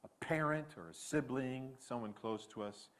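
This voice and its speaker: A male pastor delivering a sermon with animated, emphatic preaching. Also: mid-range voice, normal speed.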